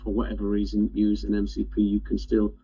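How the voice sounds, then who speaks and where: Male co-host, relaxed casual talker, dark mellow timbre, dull lo-fi audio with faint hum. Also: fairly low pitch, brisk. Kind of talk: casual chat. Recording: dull lo-fi sound.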